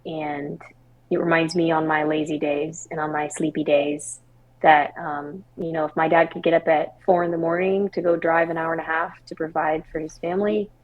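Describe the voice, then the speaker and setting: Candid, expressive woman podcast guest. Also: low-pitched, normal speed, narrow, tinny audio. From Washington State, US. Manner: candid, expressive storytelling with laughs and quoted dialogue. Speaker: guest singer-songwriter. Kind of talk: podcast interview, personal story.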